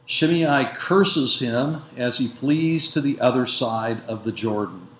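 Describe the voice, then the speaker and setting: Man lecturing slowly, lots of uhs and fixing himself mid-sentence, echoey room. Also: mid-range voice, a bit bright. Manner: measured, with frequent fillers and self-corrections. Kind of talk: lecture retelling a biblical narrative. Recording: roomy echo with faint background noise.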